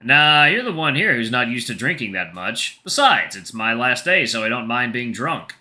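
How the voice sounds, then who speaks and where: A man's voice: mid-range voice, big pitch swings, moderate pace, pushed and bright. A man voicing an easygoing, wry adult male tiger who teases as he drinks, in a story game. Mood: teasing. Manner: teasing, laid-back drinking talk.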